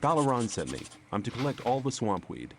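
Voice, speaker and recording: Laconic adventurer hero for a game, dry and wary, lively pitch. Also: male voice, a little fast, a little hiss or hum. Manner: dry, understated. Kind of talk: video game voice acting.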